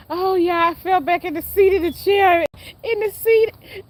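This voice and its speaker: Woman vlogger, very high voice, slow unhurried talk, giggly and chatty with viewers, outdoors. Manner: chatty, full of laughter, speaks straight to the viewers. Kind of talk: casual outdoor vlog chat. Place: outdoors in a yard.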